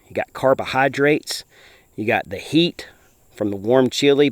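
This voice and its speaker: A man's voice: mid-range voice, no echo. A man hosting an outdoor cooking show, talking to viewers in a folksy, upbeat way from a campfire in the woods. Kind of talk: enthusiastic cooking vlog.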